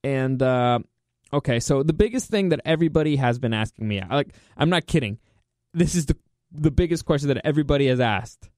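Excitable man hosting a film review. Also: mid-range voice, no room sound, clean studio sound. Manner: excitable, repeats himself for emphasis. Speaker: movie review host. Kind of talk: casual spoken film review.

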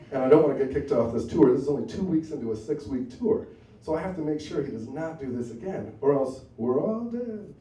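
A man's voice: mid-range voice, warm tone. A man telling a true personal story live, in a wry, conversational way with asides. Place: bar venue with a live audience. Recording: roomy, from a distance, faint ambience.

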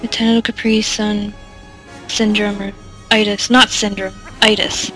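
A woman's voice: mid-range voice, flat delivery, measured pace, fairly bright tone, faint music behind. A woman casually commenting over gameplay, rambling and self-deprecating, with lots of fillers and giggles. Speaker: let's play commentator.

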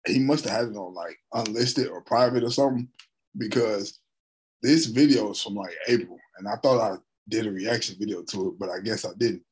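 A man in his thirties hosting a reaction video, talking in an excitable, slangy and profane way. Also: lowish voice, brisk, husky, poor audio. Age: 30s. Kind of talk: casual reaction commentary.

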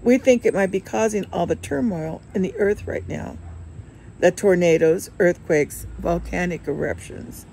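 A woman's voice: lowish voice, unhurried, gravelly, warm tone, slight background noise, low-quality recording. A woman reading the lines of an earnest, outspoken widowed former nurse, in an insistent manner.

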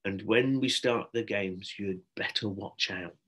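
A man's voice: pushed and bright, slightly rough, full character voice. A man doing a sly whispering boy bully. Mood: menacing. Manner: slow, low, threatening near-whisper. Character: menacing schoolboy bully, sly and spiteful.

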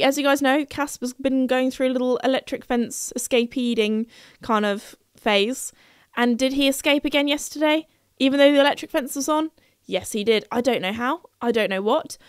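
Young woman, podcast host, higher voice, chatty, playful storyteller. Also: clear, resonant tone, no room sound, studio quality. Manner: chatty and playful, laughing at her own story.

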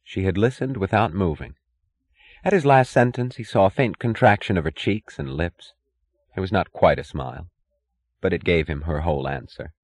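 A man reads a novel aloud in a measured, even audiobook narration. His voice is very low and deep. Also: no echo.

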